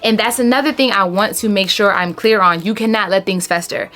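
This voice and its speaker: A woman in her thirties talking casually to camera, giving relationship advice in an animated, emphatic way and calling her viewers honey. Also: mid-range voice, a little fast, faint music behind.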